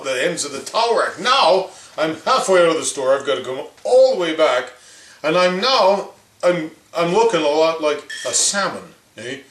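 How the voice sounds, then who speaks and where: A man's voice: fairly high pitch, a bit bright, echoey room. A man doing a blustery hockey commentator. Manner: ranting, rambling, folksy asides. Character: blustery older male hockey commentator, opinionated. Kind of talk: comedic impression rant.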